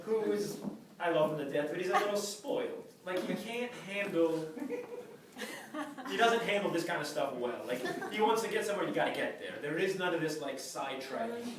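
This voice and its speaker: A man's voice: sits high, brisk, a crowd in the background. A man telling a comic anecdote to a live audience, acting out the other people in it. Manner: animated, acts out the voices of others. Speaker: storyteller. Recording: very echoey, from far off, audience laughter.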